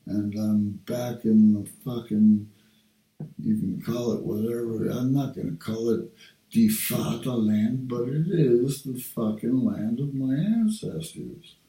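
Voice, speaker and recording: Slow, rambling, profane older man. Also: mid-range voice, dark tone. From Canada. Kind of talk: rambling personal video monologue. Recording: roomy sound, distant from the mic.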